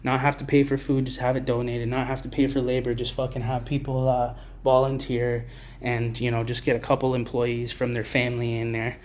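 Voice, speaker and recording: A man's voice: medium pitch, little pitch movement, brisk, darkish tone, slight background noise. A man delivering a profane, blunt, rambling to-camera rant as an advocate for homeless people. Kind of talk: ranting to-camera monologue.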